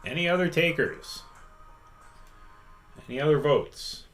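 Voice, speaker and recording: A man's voice: on the high side, expressive, fairly bright tone, soft background music. A man teaching chess on a live stream, patiently reading out viewers' votes and inviting them to join in. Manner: slow, patient, reads out chat votes. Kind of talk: interactive live-stream lesson.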